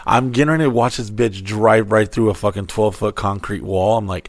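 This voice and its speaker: A fairly low-pitched man speaks fairly quickly as he tells a wild podcast story, swearing heavily and acting out what people said in a lively, casual way.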